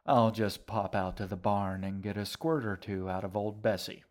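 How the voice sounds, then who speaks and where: A man's voice: lowish voice, steady tone, normal speed, a little mellow, lightly acted. A man reading an audiobook voices a shaggy, whimsical host who talks in a wry, mocking, theatrical way.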